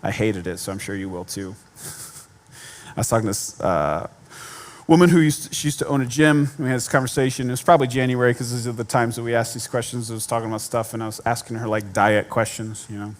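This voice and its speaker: A man's voice: medium pitch, fast. A man giving a sermon in a conversational way, with self-deprecating humor and repeated points for emphasis. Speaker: pastor.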